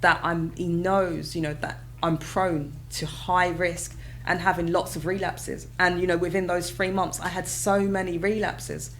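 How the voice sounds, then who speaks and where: A woman in her thirties, an interview guest telling her own story in a candid, conversational way, breaking into high excited exclamations as she recalls moments. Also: a little slow, hardly any pauses, slight background noise, low-quality recording. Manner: animated, bursts into high excited exclamations and laughter when retelling moments.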